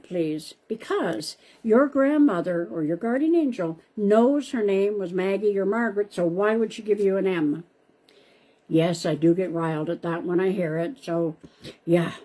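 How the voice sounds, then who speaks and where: A woman's voice: mid-range voice, warm tone. A woman hosting a live stream as a psychic medium, chatting casually and calling viewers by name, often repeating herself. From Canada.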